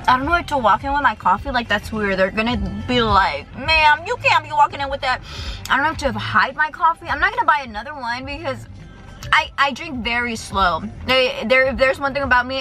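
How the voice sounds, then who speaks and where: A young woman in her twenties chatting excitedly to her phone camera while out and about, full of "y'all" and "like". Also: high-pitched, low-quality recording. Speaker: vlogger. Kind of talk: casual vlog chat to camera.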